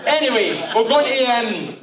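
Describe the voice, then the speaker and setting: A man in his fifties, with a fairly high voice, spins loose, swearing anecdotes for a room of listeners. He sounds far from the mic in an echoey hall, with the crowd around him. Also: moderate pace. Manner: animated, swearing storyteller. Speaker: guest speaker. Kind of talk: after-dinner anecdotes. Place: function room with audience.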